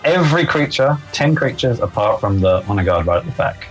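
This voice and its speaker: Low-voiced male tabletop player. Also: sing-song, a little fast, faint music behind, low-quality recording. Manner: casual, explains his moves. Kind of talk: playing a tabletop game.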